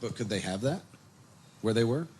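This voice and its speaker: A man teaching a casual Bible study on a microphone, animated and storytelling. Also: mid-range voice, normal speed, slight background noise. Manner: animated storytelling, acts out quotes, chuckles. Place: congregation meeting room. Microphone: microphone on a PA system.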